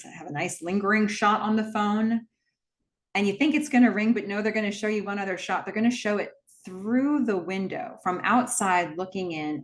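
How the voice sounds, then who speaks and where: A woman casually retelling a horror film scene by scene, dropping her voice to quote the characters' dialogue. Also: on the low side. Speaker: movie recap host. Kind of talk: casual film recap narration.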